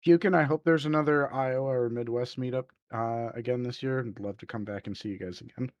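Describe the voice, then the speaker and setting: A man co-hosting a casual live-streamed chat in a relaxed way. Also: medium pitch, a little fast, highs cut off. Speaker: stream co-host.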